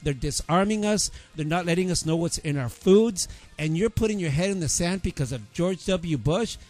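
A man's voice: sits high, expressive, moderate pace, a little mellow, faint music behind. Heated male talk radio host. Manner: heated, ranting with frequent fillers. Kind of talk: casual political talk radio.

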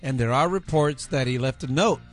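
A man's voice: mid-range voice, moderate pace, faint music behind. A man co-hosting a casual talk show, earnest and explanatory, laughing along with the others. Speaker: co-host. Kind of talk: casual chat.

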